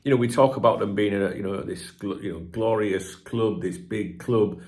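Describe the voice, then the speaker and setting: A man's voice: on the low side, moderate pace, darkish tone. A man hosting a football channel, reading news aloud and breaking off into chatty, blunt commentary with plenty of asides. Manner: chatty and digressive, with frequent fillers and rhetorical asides; blunt, occasional swearing.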